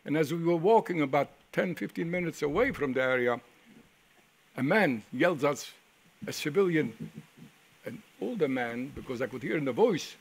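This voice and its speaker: An older man from Poland, giving a first-person testimony as a survivor, telling his story vividly with halting restarts and repeated words. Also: fairly high pitch, animated, slightly rough. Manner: vivid storytelling that acts out the voices of people he quotes.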